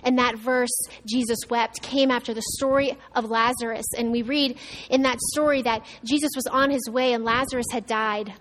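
A woman pastor delivers a sermon with a fairly high, clear voice. She preaches conversationally, with asides and restarts. Her delivery swings from raised, emphatic lines to soft, hushed ones. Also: fairly even intonation, moderate pace, a little hiss or hum.

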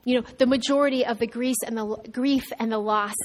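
Higher-voiced woman preaching a sermon. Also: brisk, slight background noise. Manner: expressive, swings from raised emphasis to soft, low delivery; conversational preaching with restarts and asides. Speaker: pastor.

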